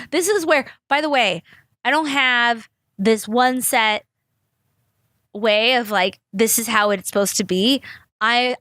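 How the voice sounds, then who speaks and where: A fairly high, pushed and bright voice belongs to a young woman hosting a podcast. Her storytelling is chatty and meandering, peppered with swearing, and she acts out quoted people in exaggerated voices. The sound is clean studio audio, dry.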